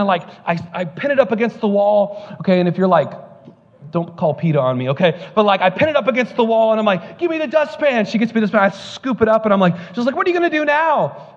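A man's voice: high-pitched, big-room sound, highs cut off. A male pastor preaching a sermon, telling joking stories before building to fervent preaching at a church service.

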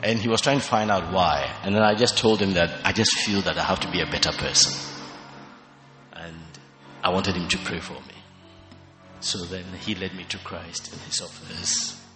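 A somewhat low, bright man's voice tells his testimony in a steady, earnest way. The sound carries through a large, echoing church hall with faint music behind. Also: normal speed. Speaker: church member giving testimony. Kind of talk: personal testimony on stage.

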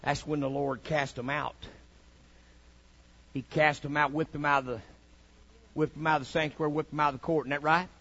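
Man, preacher, fiery sermon, sharp tone, muffled recording. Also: flat delivery, normal speed, long pauses, breathy edge. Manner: swings between shouting and low mocking asides. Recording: dull lo-fi recording.

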